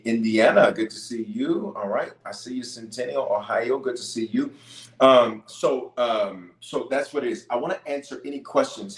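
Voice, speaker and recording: A bishop leads a prayer call streamed live from a room at his home base near Denver, greeting viewers by where they're from and answering their questions with emphatic repetition. His voice sits at a medium pitch and sounds roomy.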